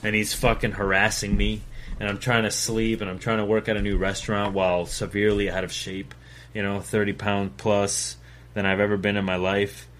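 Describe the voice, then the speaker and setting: Man, lowish voice, casual storytelling, lots of fillers, curses, mumbled asides. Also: little pitch movement, normal speed, a bit bright. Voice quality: swears freely, acts out other people's voices in quoted dialogue. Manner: rambling, many fillers, drops to a low mumble on asides. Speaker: podcast host telling his own story.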